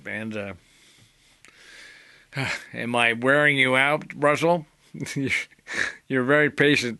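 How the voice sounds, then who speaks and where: A man with a gravelly, fried edge to his voice and a bright, forceful tone talks through his old band days as an interview guest. He rambles from story to story and acts out the lines other people said. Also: mid-range voice, no echo, clean studio sound. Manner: anecdotal, acts out quoted dialogue, laughs between stories.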